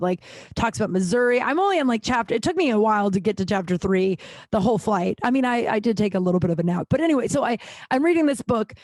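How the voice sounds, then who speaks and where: A woman hosts her solo podcast in a loose, rambling way, packing her stories with "like" and cheerful swearing. Her voice sits at an ordinary middle pitch. The recording is close and dry, with no room echo. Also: a little mellow. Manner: rambling storytelling, heavy use of "like", frequent swearing. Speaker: podcast host. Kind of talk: casual solo podcast chat.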